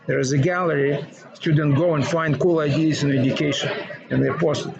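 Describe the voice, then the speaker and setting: A man with a Russian accent, a former teacher talking casually, animated and laughing often, in broken English. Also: a little high, fairly quick, creaky. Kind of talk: casual conversation. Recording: dull sound with crowd noise.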